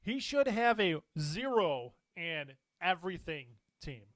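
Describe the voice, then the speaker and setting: A man with a fairly high voice talks sports picks in a casual, animated way. He is opinionated and laughs easily. His voice sounds dry and close to the mic, with no room sound. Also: slow, dry recording. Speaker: co-host.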